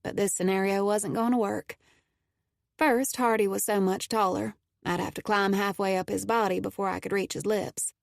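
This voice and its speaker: Gravelly woman narrating an audiobook. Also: mid-range voice, moderate pace, no echo, clean studio sound. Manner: steady, intimate storytelling. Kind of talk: first-person audiobook narration.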